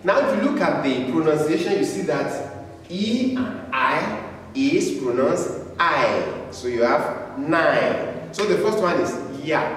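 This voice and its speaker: A man's voice: fairly high pitch, slight background noise. A man teaching a beginners' German class, speaking patiently and repeating each word for learners to say after him. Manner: patient, repetitive, drawn-out words. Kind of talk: slow classroom lecture with repeat-after-me drills. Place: classroom with a board. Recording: echoey hall, voice from far off.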